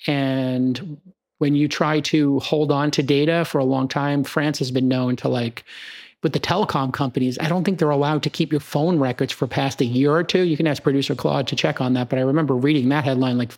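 A man's voice: mid-range voice, fairly even intonation, fairly quick, darkish tone. Opinionated American man chatting. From United States. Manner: opinionated, explains with examples and asides. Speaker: podcast host. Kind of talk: casual conversational chat.

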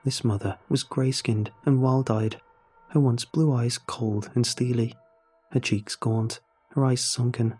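A man narrating a horror story in a measured, suspenseful way. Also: medium pitch, steady tone, a little mellow, breathy edge, soft background music.

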